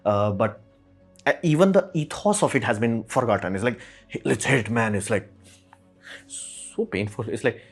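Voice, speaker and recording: A man's voice: mid-range voice, very animated, normal speed, faint music behind. A man giving a casual opinion monologue as a commentator, rambling and repeating "it's like" with many fillers.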